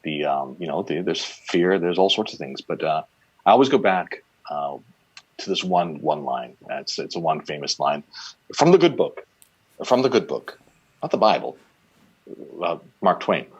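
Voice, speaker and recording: Deep, husky-voiced storyteller on a video call. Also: male voice, moderate pace. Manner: animated, self-deprecating, laughing as he talks. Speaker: photographer and storyteller. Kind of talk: casual talk on a video call. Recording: dry, slightly dull video-call audio.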